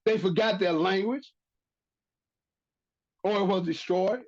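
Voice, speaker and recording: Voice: medium pitch, slow, a little mellow. A religious teacher giving a bible lesson, reading verses aloud and repeating key phrases for emphasis. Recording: dull lo-fi recording.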